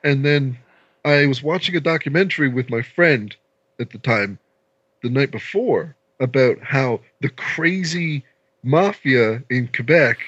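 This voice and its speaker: A man from Canada with a Canadian accent, a podcast guest telling a long casual story in a rambling, animated way and acting out voices. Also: medium pitch, unhurried, breathy edge, dry recording. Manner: rambling and animated, acts out voices in his stories. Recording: slightly dull lo-fi remote audio.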